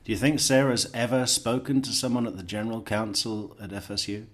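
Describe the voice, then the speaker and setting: Blunt sarcastic male commentator, lowish voice. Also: steady tone, a little fast, a bit bright. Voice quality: blunt, sarcastic, acts out mocking impressions. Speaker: true crime commentator. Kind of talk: video commentary on an interrogation.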